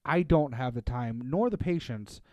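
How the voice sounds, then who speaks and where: A man's voice: mid-range voice, animated, moderate pace, no room sound, highs cut off. A man co-hosting a podcast, chatting casually in a rambling way with many fillers and restarts. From Pennsylvania, USA. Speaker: podcast co-host. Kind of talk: casual chat.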